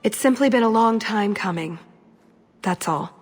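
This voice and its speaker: Woman doing a no-nonsense elf rogue from a game, terse, kinda husky, bit of reverb. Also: mid-range voice, expressive, normal speed, faint music behind, natural voice. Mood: urgent. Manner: terse and businesslike. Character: brisk young female elf rogue on a mission.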